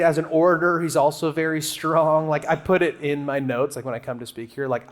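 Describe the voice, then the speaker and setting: A man preaching a conversational sermon to a church crowd, animated and joking as he talks to them. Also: on the high side. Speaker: guest preacher. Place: church auditorium.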